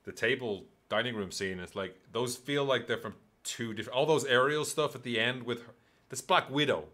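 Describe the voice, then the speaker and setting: A man co-hosting a casual film podcast, joking and animated as he riffs on a movie. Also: medium pitch, fairly quick. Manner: joking, animated, slips into mock voices. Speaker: podcast co-host.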